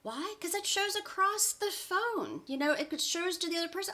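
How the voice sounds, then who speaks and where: A woman's voice: very high-pitched, lively intonation, normal speed, sharp tone. A woman in her forties, a life coach giving upbeat, encouraging advice in a chatty vlog with frequent laughs. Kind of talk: motivational vlog talk.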